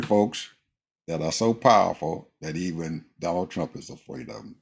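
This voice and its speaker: A man's voice: low voice, a little slow, gravelly, long pauses, breathy edge. A man in casual conversation who speaks emphatically, like a preacher, and addresses listeners as folks.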